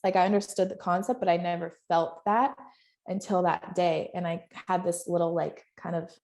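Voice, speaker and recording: A woman guest telling a personal story in a slightly low voice with plenty of vocal fry. She speaks earnestly and with deep feeling, and laughs often between her sentences. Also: fairly even intonation, moderate pace, warm tone. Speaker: podcast guest.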